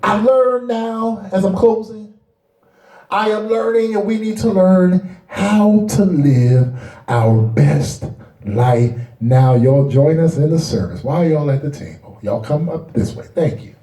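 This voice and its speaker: A middle-aged male pastor preaching a sermon, mixing folksy asides with rising shouts and call-and-response. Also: fairly high pitch, measured pace, recorded from a distance. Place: church sanctuary. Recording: echoey church hall.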